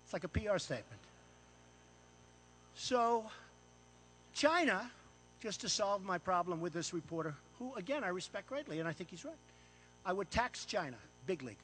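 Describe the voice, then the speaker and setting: A man's voice: high voice, expressive, normal speed, long pauses, a bit bright, a little hiss or hum. An American man giving a boastful, repetitive off-the-cuff speech to an audience in an event room. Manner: boastful, repetitive, punchy phrases. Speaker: paid speaker.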